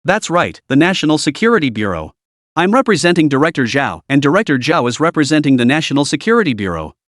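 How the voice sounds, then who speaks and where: A man's voice: fairly high pitch, very animated, fast, no echo, studio quality. A man voicing a curt, authoritative male security official in a comic recap story. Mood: firm.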